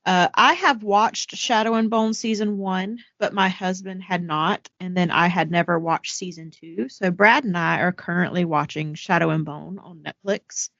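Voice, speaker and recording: Relaxed woman, dry lo-fi podcast mic. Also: lowish voice, normal speed, gravelly, hardly any pauses, dry recording. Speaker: podcast co-host. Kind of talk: casual chat. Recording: dry, dull lo-fi podcast audio.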